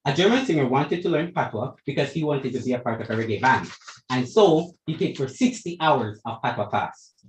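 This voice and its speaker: Jamaican teen boy debating, emphatic and rhetorical, average pitch, echoey room. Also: animated, a little fast, a little hiss or hum. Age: teens. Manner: emphatic, rhetorical, addresses judges and opponents. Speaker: debate speaker. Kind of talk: formal school debate speech.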